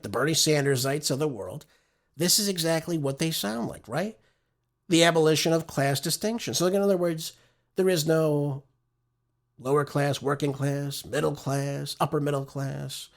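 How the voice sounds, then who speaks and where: A male talk show host with a somewhat high-pitched voice, speaking off the cuff in an opinionated, conversational way. He often ends his points with a quick "right?" to pull the listener along. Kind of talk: conversational political commentary.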